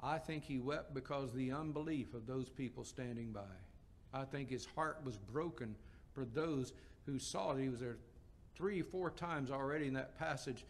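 A man's voice: mid-range voice, normal speed, a little hiss or hum. A man preaching a sermon, explaining scripture passages with quotes and rhetorical questions.

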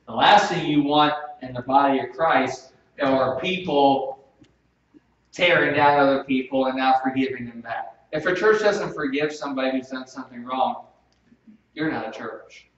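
A pastor delivers a sermon at an ordinary pitch, sinking into soft, slow stretches before leaping into loud bursts. He is captured from a distance in a highly reverberant church, and the audio sounds dull with faint room noise in the background.

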